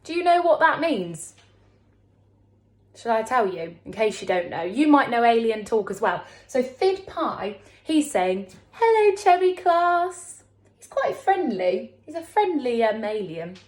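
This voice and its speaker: A woman primary school teacher giving a recorded lesson to young children, talking slowly in an encouraging, sing-song way. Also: very animated. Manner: slow, sing-song, encouraging teacher talk with big pitch swings. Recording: echoey room.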